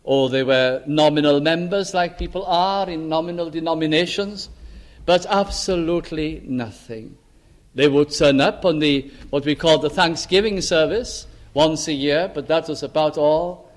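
An older man from Wales giving an earnest sermon testimony, pleading with his hearers and dropping to a hush on solemn words. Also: on the high side, normal speed. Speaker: preacher.

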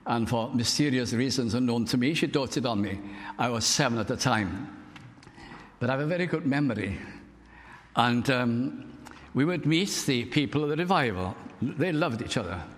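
A man's voice: medium pitch, lively intonation, normal speed. An older man from Wales preaching a storytelling sermon, building to fervent emphasis. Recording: long hall reverb.

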